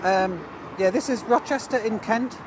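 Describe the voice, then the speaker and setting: A man's voice: high-pitched, normal speed, noisy background. A man vlogging outdoors by a river while cycling, joking and reading out viewers' comments in a chatty way. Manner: jokey, chatty, reads viewer comments aloud. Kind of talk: live-stream chat while cycling.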